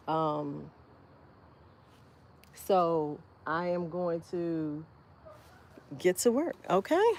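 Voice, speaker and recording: A woman's voice: fairly low pitch, sing-song, drawn-out words, long pauses, darkish tone. A woman hosting a casual livestream outdoors in her garden, chatting with viewers by name while she harvests. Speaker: homestead livestreamer.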